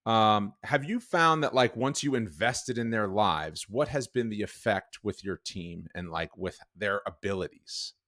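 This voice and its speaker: A man's voice: lowish voice, measured pace, hardly any pauses, fairly bright tone, no echo, clean studio sound. A man hosting an interview podcast, asking long, wandering questions. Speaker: podcast host.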